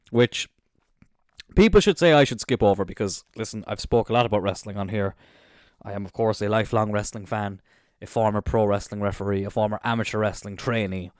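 An Irish man, a young adult, hosting a casual solo podcast in an animated, jokey way with plenty of swearing. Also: medium pitch, no echo, clean studio sound. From Ireland. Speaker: podcast host.

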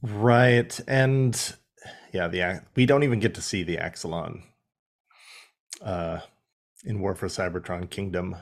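Playful, unhurried male podcast co-host. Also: low voice, steady tone. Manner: playful, laughs often, jokey asides. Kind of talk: casual joking chat.

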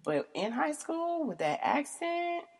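A woman's voice: high voice, sing-song, slow pace, soft background music. A young woman vlogger reading out questions and answering them in a casual, blunt, profane way, often laughing.

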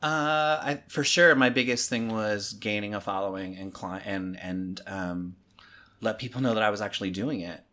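A man's voice: fairly low pitch, normal speed. A man with a Southern US accent, telling stories in a casual, profane podcast chat as the guest. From American South. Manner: profane, animated storytelling. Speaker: interview guest.

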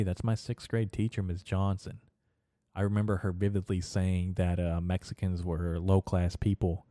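Rambling, foul-mouthed young man with a low, mellow voice. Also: no echo, clean studio sound. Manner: rambling, crude and profane, laughs at his own jokes. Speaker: podcast host. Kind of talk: casual solo podcast monologue.

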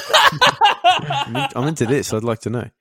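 A man's voice: a little high, breathy edge, no echo, studio quality. An Australian man co-hosting a podcast, telling stories in casual chat and laughing often. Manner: animated storyteller, laughs often. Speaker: podcast co-host.

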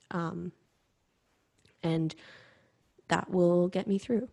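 A young woman hosting a podcast, talking candidly and reflectively in a halting personal monologue. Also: lowish voice, flat delivery, vocal fry, dark tone. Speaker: podcast host.

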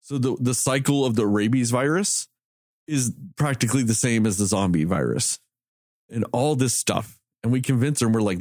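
A man telling stories in casual podcast chat, animated and swearing, quoting people in a raised voice. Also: medium pitch, normal speed, no room sound, studio quality. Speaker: podcast co-host.

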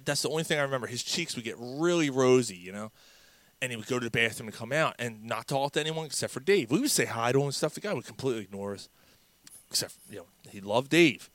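Bright-voiced man telling a prank story. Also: mid-range voice, no room sound. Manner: laughing, rambling, swearing. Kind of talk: casual storytelling.

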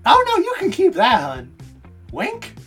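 A game master voicing a flirty, excitable woman on roller skates in a tabletop game, with a playful squealing delivery. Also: extremely high pitch, a little slow, music in the background, voice pushed up, exaggerated voice.

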